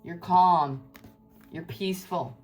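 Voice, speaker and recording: A woman's voice: fairly low pitch, slow pace, soft background music. Effusive woman doing a tarot reading. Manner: effusive, spiritual, rambling and emotional. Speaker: tarot reader.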